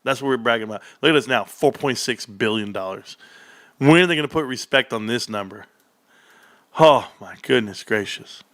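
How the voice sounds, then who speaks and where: A male livestream host reacting excitedly to an earnings report, reading figures aloud and bursting into shouts. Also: medium pitch, moderate pace, dry recording. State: out of breath.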